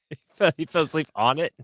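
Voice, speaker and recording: A man co-hosting a podcast in casual joking banter, teasing his partner and cutting in with quick jokes. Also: fairly high pitch, fairly bright tone, no echo. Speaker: podcast co-host.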